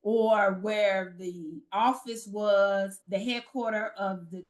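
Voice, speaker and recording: A woman from Chicago, a recruitment founder, speaking as a podcast guest in earnest, halting casual chat. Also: mid-range voice, fairly even intonation. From Chicago, United States.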